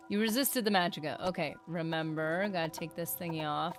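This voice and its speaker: A woman's voice: lowish voice, moderate pace, faint music behind. Chatty woman streaming a game. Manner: chatty, reads chat aloud, excitable bursts. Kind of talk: live gameplay commentary.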